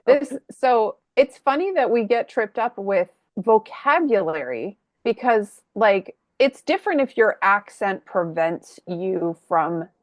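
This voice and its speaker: A woman from Canada co-hosting a casual podcast chat, animated, laughing often and acting out what people said. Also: mid-range voice, takes it slowly, few pauses, no echo, dull audio. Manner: animated, laughs often, acts out quoted voices. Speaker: podcast co-host.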